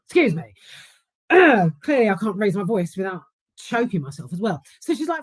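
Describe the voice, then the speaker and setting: A woman's voice: a little high, sing-song, moderate pace, husky, no echo. A woman with a London accent, casually giving a candid, swear-filled film review. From South London. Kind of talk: casual chat.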